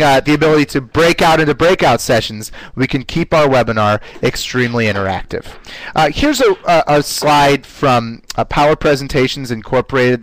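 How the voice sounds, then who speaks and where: Man, webinar presenter, conversational, upbeat, "uh" fillers, middle pitch, dry close sound. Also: no echo, rough recording. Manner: playfully shifts pitch to demonstrate voice technique. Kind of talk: live online class presentation.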